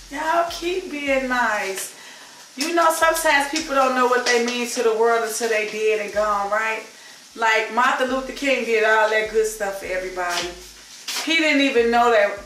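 A woman's voice: fairly high pitch, far from the mic, noisy background. A woman in her fifties with a Chicago accent, chatting effusively to camera as a vlogger and calling her viewers y'all. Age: 50s. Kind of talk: casual chat to camera. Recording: echoey room, voice from off-mic.

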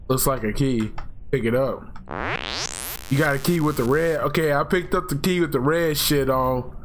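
Hoarse young man yelling through a horror game. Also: on the high side, normal speed, a little hiss or hum. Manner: loud, excitable, swears a lot, jumpy screams. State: hoarse, losing his voice. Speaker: gaming YouTuber. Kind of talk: horror game let's play commentary.

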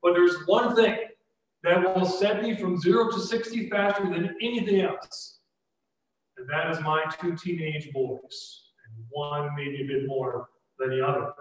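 Heard from a distance in an echoey church sanctuary, a pastor in his forties with a high, slightly bright voice delivers a sermon. His tone is earnest and conversational, packed with rhetorical questions.

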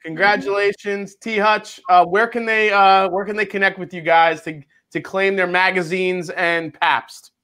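Bright-voiced upbeat livestream host. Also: male voice, high-pitched, unhurried, hardly any pauses. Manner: lively, runs the giveaway, upbeat. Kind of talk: casual livestream chat.

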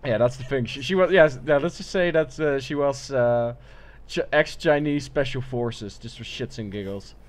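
A man's voice: medium pitch, normal speed, few pauses. A man giving casual, joking gameplay commentary, irreverent and profane. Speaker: let's play gamer.

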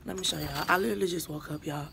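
A woman's voice: low voice, rapid-fire, vocal fry, noisy background. Chatty teenage girl from Atlanta. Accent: Southern US, Atlanta. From Atlanta, Georgia. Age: teens. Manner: chatty, informal slang, says "y'all" a lot. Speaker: vlogger. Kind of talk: casual vlog chat. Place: at home indoors. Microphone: phone camera held close.

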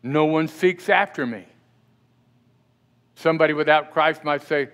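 A middle-aged male pastor preaches a sermon in a church sanctuary, speaking conversationally and frequently asking the congregation questions. His voice is on the high side, a little slow, fairly bright, and clean in tone.

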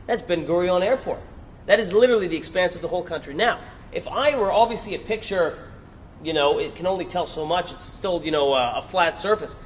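Male workshop presenter, high voice, persuasive and emphatic, faint hiss behind. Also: animated, fairly quick. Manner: persuasive, asks the audience rhetorical questions; emphatic repetition. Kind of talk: lecture to a live audience.

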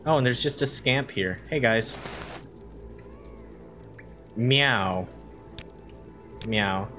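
A man streaming a game, rambling and reacting loudly to surprises in casual commentary. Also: mid-range voice, animated, normal speed. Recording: game music behind voice.

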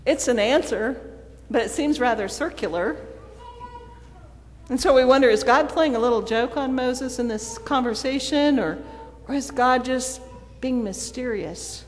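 A woman's voice: high-pitched, unhurried. A woman preacher delivering a sermon in a storytelling manner, acting out the quoted dialogue. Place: church sanctuary. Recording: long church reverb.

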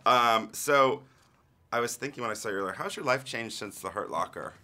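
A man's voice: medium pitch, lively intonation, brisk, pushed and bright. A male interviewer in a studio who asks friendly, rambling questions in a casual chat. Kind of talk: casual press junket interview.

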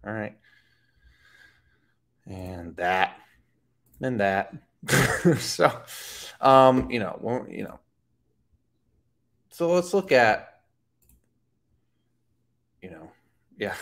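A blunt man talking casually about fitness from home, his pitch swinging up and down with a lively, animated delivery. He is profane and throws in sarcastic, mocking asides. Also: very slow, gravelly, pauses often. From Florida. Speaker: fitness coach. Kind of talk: casual talking-head commentary.

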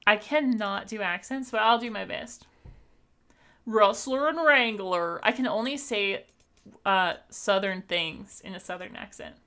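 A woman's voice: medium pitch, moderate pace, sharp tone. A young woman from Canada streaming live, chatting in a bubbly way with viewers and laughing often as she thanks them. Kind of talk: casual live-stream chat over gameplay.

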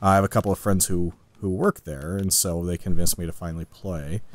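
A man guesting on a gameplay video, chatty and wry, thinking out loud while he plays. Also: low voice, fairly even intonation, brisk. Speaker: guest co-host. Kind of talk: casual gameplay commentary.

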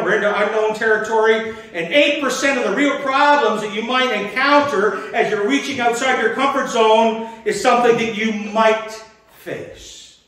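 An older male pastor with a fairly high voice gives a folksy, rambling sermon full of chuckles and restarts. He sounds a bit far from the microphone, and his words ring through a very echoey church hall. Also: a bit bright.

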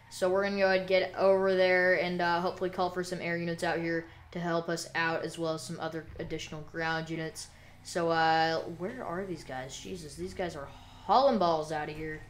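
A woman's voice: on the low side, a little hiss or hum. A woman casually narrating her gameplay as a role-played police officer, chatting loosely and sometimes barking commands at suspects.

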